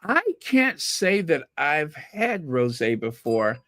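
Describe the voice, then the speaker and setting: A man's voice: a little high, very animated, takes it slowly, a bit bright, no room sound. A man hosting a casual solo gossip vlog, chatting to viewers in a rambling way and repeating words for emphasis. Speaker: royal gossip channel host.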